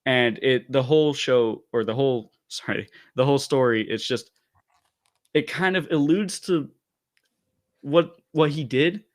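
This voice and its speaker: A man co-hosting a casual podcast, retelling a story in an animated way with loose asides. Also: medium pitch, a little slow. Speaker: podcast co-host reviewing comics.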